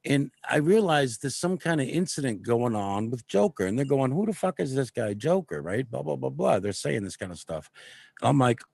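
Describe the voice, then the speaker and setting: A man telling a long story in casual, profane livestream chat, animated and heated. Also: medium pitch, normal speed, creaky, slightly rough, dry recording, studio quality. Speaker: streamer.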